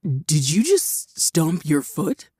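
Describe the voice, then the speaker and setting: A woman voicing a somber male dragon lover, speaking low, slow and quietly with calm, smug teasing. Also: creaky, no room sound, studio quality.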